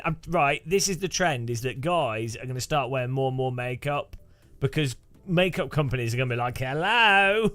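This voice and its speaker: A man's voice: on the high side, a bit bright. A man streaming sim racing, chatting casually and rambling with chuckles while answering his chat.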